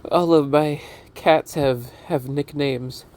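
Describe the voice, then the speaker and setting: A man tells a personal story at an unhurried pace, his voice sitting a little high for a man. He laughs often between phrases and keeps stopping and restarting his sentences. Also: steady tone, a little mellow. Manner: laughs often, halting and repeating himself. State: breathless and dizzy.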